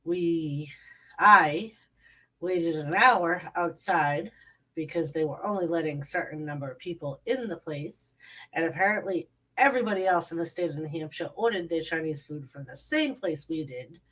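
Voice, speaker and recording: A woman's voice: sits low, normal speed, pushed and bright, distant mic. A woman, chatting casually on a late-night livestream and greeting viewers by name. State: stuffy nose. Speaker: channel host. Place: home at night.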